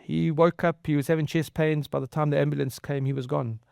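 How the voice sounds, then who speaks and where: A man preaching a conversational sermon as pastor, earnest and halting, often repeating and restarting his words. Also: fairly high pitch, steady tone, gravelly, darkish tone, clean tone, dry recording, studio quality. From outside the US.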